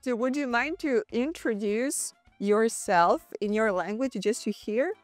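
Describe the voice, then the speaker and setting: A woman's voice: on the high side, unhurried, no room sound. A woman hosts a sports interview in a chatty, friendly way. Her voice sounds dry and close, with faint music under it. She laughs easily between questions. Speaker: sports TV show host.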